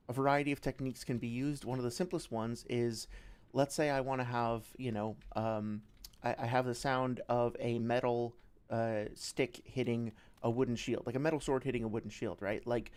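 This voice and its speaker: Male game-dev streamer, mid pitch, casual and rambling, explains with examples. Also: a little mellow, clear, resonant tone.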